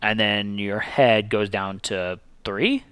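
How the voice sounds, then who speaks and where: A man hosting a streamed board game session, reading rules aloud and counting dice in a casual, animated way. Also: fairly low pitch, slow, smooth. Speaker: game host.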